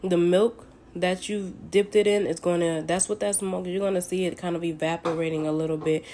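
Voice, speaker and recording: Southern lady kinda low voice, chatty home cook tutorial in her kitchen, folksy, light background hum. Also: steady tone, a little fast, warm tone. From Southern United States. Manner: folksy and chatty, calls viewers honey and baby. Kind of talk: casual cooking tutorial chat.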